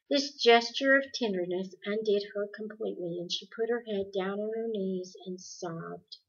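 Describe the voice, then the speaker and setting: A woman narrating a storybook with an even, expressive reading, in a dull lo-fi recording. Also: fairly low pitch, slightly rough. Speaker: audiobook reader.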